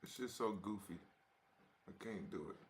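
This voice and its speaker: A man's voice: on the low side, moderate pace, slight background noise. A man from Ohio hosting a casual reaction video, talking in slang with a mocking, amused manner. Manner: slangy, mocking, laughs often.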